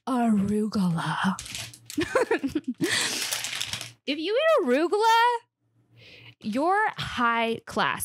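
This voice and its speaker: In her home kitchen, a woman comedian rambles through a tour of her fridge, sarcastic, self-mocking, swearing freely and slightly out of breath. Her voice is on the high side and a bit bright, and the recording is dry.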